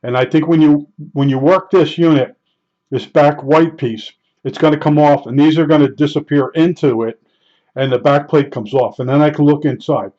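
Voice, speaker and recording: An older man telling a casual, halting workshop story, often restarting and searching for words as he recalls details. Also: a little high, steady tone, muffled recording. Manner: halting, many restarts and fillers while recalling. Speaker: hobbyist repairing old electronics.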